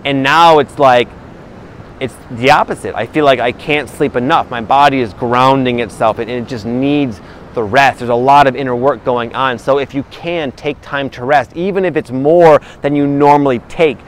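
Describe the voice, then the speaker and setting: A man giving a casual spiritual talk to his viewers, relaxed and rambling, with many fillers and restarts. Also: medium pitch, moderate pace, slight background noise, rough recording. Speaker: spiritual vlogger.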